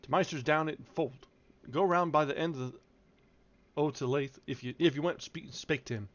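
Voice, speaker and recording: A man voicing a surly old male farm servant who shouts gruffly in thick rural dialect, raising his voice higher than his own. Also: normal speed, highs cut off, natural voice.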